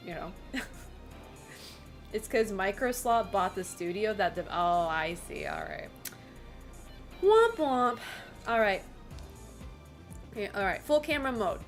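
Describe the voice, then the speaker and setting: A woman's voice: medium pitch, a bit bright. A young woman streaming from home, chatting casually with her viewers in a rambling, giggly way and swearing freely. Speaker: game streamer. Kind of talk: casual chat with live chat.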